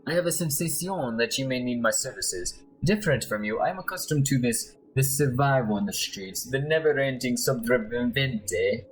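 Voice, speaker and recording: A man voicing a smooth-talking male mercenary bodyguard in a put-on Spanish accent, sly and persuasive, while playing a game. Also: mid-range voice, expressive, normal speed, hardly any pauses, faint music behind, pitched above the performer's own voice, close to an everyday voice, poor audio. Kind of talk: let's play voice acting.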